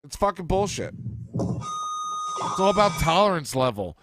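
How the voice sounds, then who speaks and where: A man's voice: high voice, very animated, heavy background noise. A man co-hosting a podcast in casual chat, arguing his points and swearing as he rants. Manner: argumentative, swearing, rapid rants. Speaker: podcast co-host.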